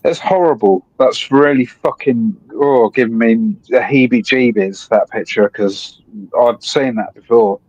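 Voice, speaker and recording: A man, calling into a live stream and rambling excitably with plenty of swearing. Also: mid-range voice, unhurried, breathy edge, dry recording. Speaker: guest caller on a live stream. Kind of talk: rambling casual chat. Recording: dull dry call audio.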